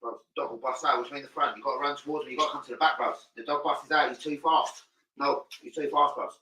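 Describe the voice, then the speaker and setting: Speaking fast with fairly even intonation, this young London-accented livestream host reads comments at home and swears freely in laddish banter. His medium-pitched voice comes across pushed and bright through poor audio.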